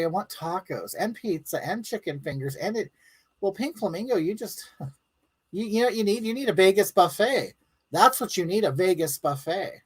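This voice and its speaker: A woman's voice: mid-range voice, poor audio. A woman hosting a live stream from home, chatting casually and bluntly with viewers and reading out their comments in a rambling, crude way.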